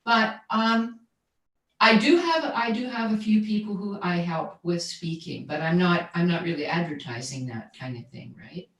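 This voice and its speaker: A woman coaching on the voice in an easygoing interview, explaining technique and checking in with a steady "right?" as she goes. Her voice sits back from the microphone in a roomy, echoing space. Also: lowish voice, moderate pace. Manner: explanatory, often adds "right?", repeats words when searching. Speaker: guest voice coach and jazz singer. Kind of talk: conversational livestream interview. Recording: roomy echo, distant from mic.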